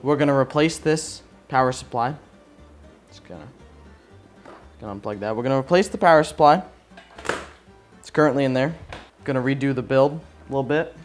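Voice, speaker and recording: Guy ranting and cussing while he rebuilds his pc, sarcastic vlog voice, mid pitch, faint music behind. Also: moderate pace, long pauses. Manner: profane, sarcastic, frustrated rants. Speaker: tech YouTuber. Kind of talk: casual PC build vlog.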